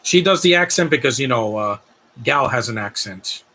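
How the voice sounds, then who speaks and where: A man's voice: mid-range voice, lively intonation, moderate pace, sharp tone. A man doing casual live-stream commentary on a film, gushing and rambling as he talks to his chat.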